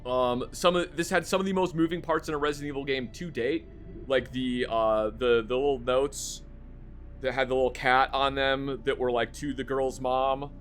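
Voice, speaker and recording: A man's voice: mid-range voice, steady tone, normal speed, soft background music. A man streaming live, rambling casually about a game he just finished, with lots of fillers and the odd curse.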